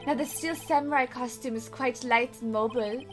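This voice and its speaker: A woman's voice: fairly high pitch, moderate pace, over music, close to an everyday voice. A woman reading out the lines of a petite, imperious female witness in a game. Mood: haughty. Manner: imperious, commanding.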